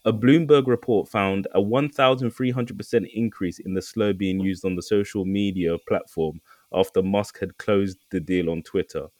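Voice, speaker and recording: A young man from co-hosting a casual podcast chat, animated and laughing often as he mimics other voices. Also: deep voice, dry recording, studio quality. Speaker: podcast co-host.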